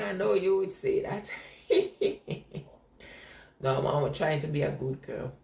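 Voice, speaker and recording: A woman's voice: fairly low pitch, slow, gravelly. A middle-aged woman with a Jamaican patois accent, chatting casually with live viewers and laughing often. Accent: Jamaican patois mix. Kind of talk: casual live-stream chat. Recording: echoey, distant mic with loud background noise.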